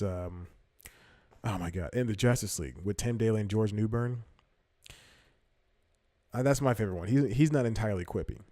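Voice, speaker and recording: Rambling low-voiced male podcast host. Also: warm tone, no room sound, clean studio sound. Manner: rambling, self-correcting, laughs often. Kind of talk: casual comedic commentary.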